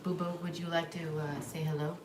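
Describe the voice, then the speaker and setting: A woman's voice: low-pitched, little pitch movement, brisk. A young woman livestreaming from home in casual chat, blunt and profane, cooing to her dogs between stories. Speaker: livestream vlogger. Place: home, in a room. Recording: echoey room, mic at a distance, noisy.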